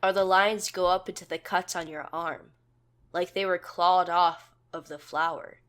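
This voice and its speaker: Woman narrating a story in low tones. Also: steady tone, a little slow, a bit bright. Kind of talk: second-person fanfic narration.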